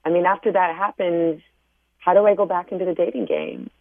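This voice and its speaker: A woman's voice: fairly low pitch, wildly swooping pitch, fairly quick, vocal fry, no echo. A woman calling in to a radio advice show, earnest and shaken as she asks for help. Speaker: caller. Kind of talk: call-in radio conversation. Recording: tinny phone line.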